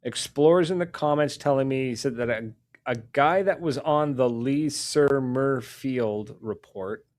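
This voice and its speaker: In an unhurried mid-range voice, a podcast host shares stories in a casual way. He's animated, often laughing and impersonating the people he describes.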